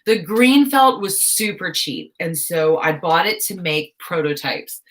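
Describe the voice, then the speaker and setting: Streaming live from her home craft room, a young woman talks in a lowish, expressive voice at a slightly slow pace. She's scatterbrained and pokes fun at herself, laughing frequently at her own expense.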